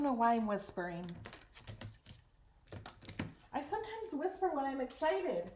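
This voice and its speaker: A woman hosting a casual craft tutorial, chatty and excitable as she talks through each step while working. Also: sits high, a little slow, pauses often. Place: craft room at home. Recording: echoey room, faint noise.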